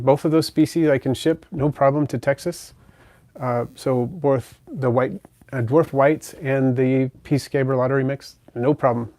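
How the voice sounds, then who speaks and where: On his pet channel stream, a man speaks in a mid-range voice with no room sound audible. He's laid-back and talkative as he reads comments from viewers, pausing to coo softly at his bird.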